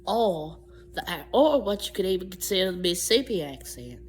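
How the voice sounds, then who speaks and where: A woman's voice: fairly low pitch, very animated, moderate pace, slightly rough. A woman talking unscripted in a video, rambling through her points with frequent restarts and self-corrections. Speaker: vlogger explaining accents. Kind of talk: unscripted explainer talk.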